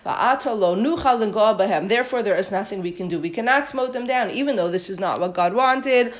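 Woman teacher, verse-by-verse study lesson; dull, lo-fi recording. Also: a little high. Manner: reads Hebrew verses, then translates and questions them. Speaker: Torah teacher.

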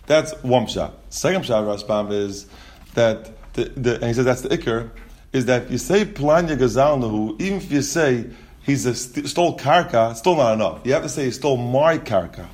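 A man's voice: mid-range voice, expressive, normal speed, a little mellow. A man teaching a Talmud class. He reads the Aramaic text aloud and explains it in English, often restarting his sentences.

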